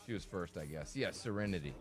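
A man's voice: low voice, animated, fast talker, loud music behind the voice. A man hosting a call-in radio show, teasing callers and laughing often. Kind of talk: joking call-in radio banter.

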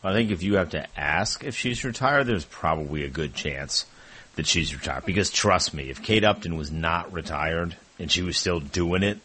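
A man's voice: low-pitched, normal speed, bright, forceful tone, husky. A man co-hosting a sports radio show, answering in a dry, matter-of-fact way. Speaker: radio co-host. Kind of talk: casual sports talk radio.

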